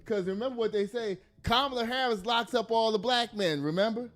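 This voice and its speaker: A man's voice: very high-pitched, brisk, fairly bright tone, soft background music. A man giving blunt, profane, emphatic political commentary to his audience, laughing at his own jokes. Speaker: commentary host.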